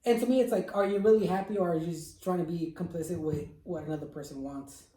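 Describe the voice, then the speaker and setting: A man's voice: a little high, quick pace, dark tone. Rambling young man, distant roomy sound. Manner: rambling with many fillers, laughs often. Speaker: friend in group chat. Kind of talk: casual chat among friends.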